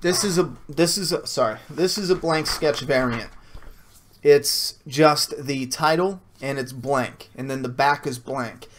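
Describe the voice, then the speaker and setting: A man's voice: fairly high pitch, measured pace, a little hiss or hum. Blunt, casual man talking comics. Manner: casual, blunt, swears freely, frequent restarts. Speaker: comic creator answering viewer questions. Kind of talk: casual Q&A livestream.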